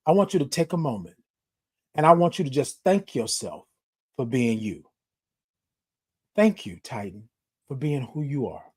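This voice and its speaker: A man's voice: mid-range voice, big pitch swings, moderate pace, pauses often, slightly rough. A man hosting a motivational livestream, talking straight to his viewers with repetitive, emphatic affirmations. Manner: talks directly to viewers. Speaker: host.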